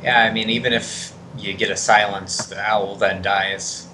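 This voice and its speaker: A male co-caster with a low, bright, forceful voice, giving color commentary with quick agreements and strategy explanations. A faint air conditioning hum runs behind him. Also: fairly even intonation, rough recording. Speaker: esports co-caster.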